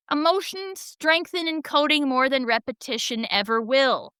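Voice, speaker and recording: A middle-aged woman hosting a podcast, speaking in a calm, soothing and encouraging way, often checking in with the listener. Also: high-pitched, moderate pace, dry recording, studio quality. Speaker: podcast host. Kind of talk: calm podcast talk with practical tips.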